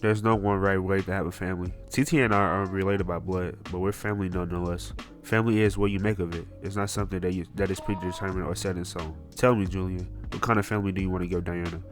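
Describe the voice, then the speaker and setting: A man reading a calm, wise woman guardian's lines aloud in a flat read-aloud voice. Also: sits low, quick pace, few pauses, faint music behind, lightly acted.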